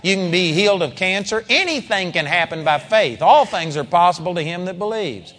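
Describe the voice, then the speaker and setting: A man preaching a sermon in an animated, conversational way, with sudden loud peaks. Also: high-pitched, brisk, in a large hall.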